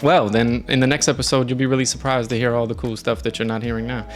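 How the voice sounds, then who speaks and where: A man casually telling a travel story on his stream, animated and jumping into quoted voices. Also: medium pitch, fast, faint music behind.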